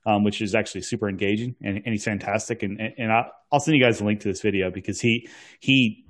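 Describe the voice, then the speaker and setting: A man from North Carolina with a low voice, chatting casually. He rambles and digresses, circling back to his points as he goes. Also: steady tone, quick pace. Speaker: podcast co-host. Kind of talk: casual chat.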